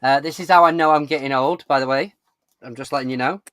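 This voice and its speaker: A man chats casually with a bright, clear tone and a mid-range pitch. He drops teasing jokes into the banter. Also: quick pace, slight background noise. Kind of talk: casual chat.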